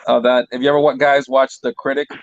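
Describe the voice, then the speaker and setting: Fast male talker, offhand, dull dry recording. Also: medium pitch, flat delivery, no echo. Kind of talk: casual podcast chat.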